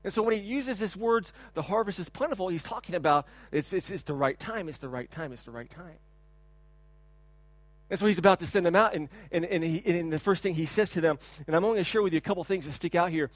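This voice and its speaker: A man in his thirties preaching a sermon as a pastor, talking in a loose conversational way with repeated words and sudden loud bursts when he imitates a child. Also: sits high, quick pace, no room sound. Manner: animated preaching, shouts to imitate a crying child. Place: church hall.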